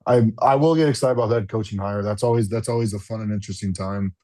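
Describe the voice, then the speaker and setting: A man with a fairly low voice talks football in a loose, meandering way, full of "like" and "um" and false starts. He speaks over a remote video call, dropping an occasional curse as he chats. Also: quick pace, mellow, dry recording. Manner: rambling, frequent fillers and restarts, mild swearing. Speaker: podcast co-host and football fan. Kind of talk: casual sports chat.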